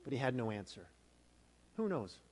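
A male pastor giving a sermon, shifting from scripture readings into a lively conversational story. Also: mid-range voice, normal speed, breathy edge. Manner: conversational storytelling, animated retellings. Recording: hall reverb.

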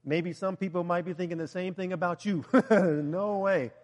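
A man with a strikingly high voice delivers a sermon. He is animated and joking, throws rhetorical questions at the congregation and breaks into loud bursts. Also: moderate pace. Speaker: preacher.

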